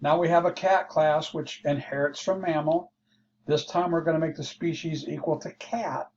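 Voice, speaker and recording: A man teaching a programming lesson, walking through code slowly and thinking aloud as he explains. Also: on the high side, darkish tone. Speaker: programming instructor. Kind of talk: screen-share coding lesson. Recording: dull lo-fi mic with faint hiss.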